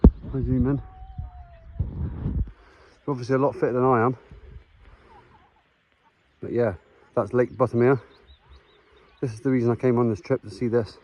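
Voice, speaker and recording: A young travel vlogger chats casually to his phone while hiking up a windy hill, friendly and matey as he walks. His mid-range voice stays steady and unhurried with frequent pauses, the highs are cut off, and wind and outdoor ambience can be heard.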